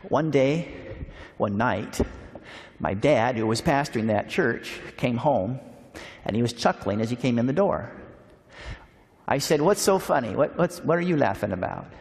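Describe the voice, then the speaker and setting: Folksy preacher with a high voice in a big hall. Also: male voice. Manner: folksy, humorous storytelling. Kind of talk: storytelling sermon. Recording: long hall reverb.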